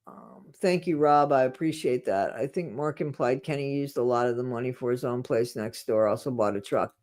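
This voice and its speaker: A livestream host reading viewer comments in a casual chat, blunt and full of restarts, swinging between quiet mumbling and loud ranting. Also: medium pitch, normal speed.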